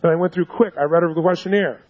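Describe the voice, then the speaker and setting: A man coaches a seminar audience in a pitched-up, emphatic voice, pelting them with rhetorical questions. He acts out his own side of the conversations he describes. The recording is muffled and lo-fi. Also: fairly even intonation, fast talker. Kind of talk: live seminar lecture. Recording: dull lo-fi recording.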